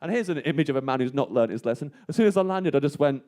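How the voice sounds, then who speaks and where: A man telling a comic story to a live audience, rambling and self-deprecating, often laughing and dropping to a hushed, tense voice for scared moments. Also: fairly high pitch, animated, racing. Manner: hushed and tense when re-enacting fear. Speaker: comedian guest telling a story. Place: live venue on stage.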